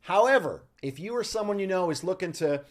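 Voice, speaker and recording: A man's voice: high-pitched, lively intonation, a little fast. A man giving presentation tips as a coach, talking straight to the viewer in short, punchy phrases with a playful close. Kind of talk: scripted talk to camera.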